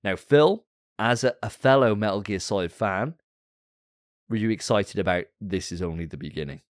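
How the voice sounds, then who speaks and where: A man's voice: on the low side, moderate pace, no room sound, clean studio sound. A man co-hosting a casual gaming podcast, ranting with plenty of swearing. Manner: profane, fired-up ranting. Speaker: podcast co-host.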